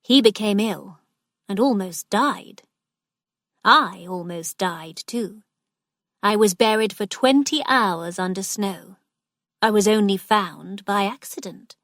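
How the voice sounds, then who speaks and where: A big young army officer, calm and frank, read by a woman narrating a storybook. He speaks slowly and thoughtfully, recorded close and dry. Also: mid-range voice, no echo.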